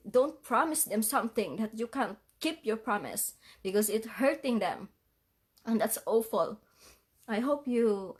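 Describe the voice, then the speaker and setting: Woman crying on a livestream, keeps saying sorry, halting speech, shaky teary voice. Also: fairly high pitch, husky. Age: adult parent. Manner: apologetic, halting, laughing through tears. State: crying, tearful. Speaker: vlogger. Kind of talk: emotional livestream vlog.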